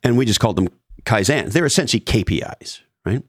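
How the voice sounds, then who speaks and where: A middle-aged man, a former marketing executive, telling stories in a casual podcast chat, profane and animated, mimicking the people in his stories. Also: lowish voice, fast, husky, dry recording, clean studio sound. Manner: profane, animated storyteller who mimics others.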